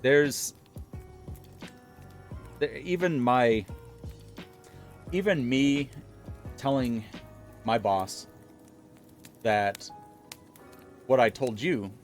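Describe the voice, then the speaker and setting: A man's voice: medium pitch, drawn-out words, long pauses, faint music behind. A man casually telling viewers an exasperated story from his pharmacy job, acting out the dialogue as he goes. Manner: exasperated, animated retelling with quoted dialogue.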